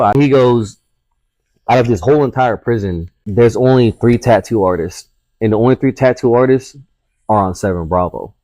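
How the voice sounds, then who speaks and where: A tattoo artist appearing as a guest tells a casual, profanity-filled story, acting out the voices of the people he quotes. His voice is lowish and mellow, his pace fairly quick, and the recording dry.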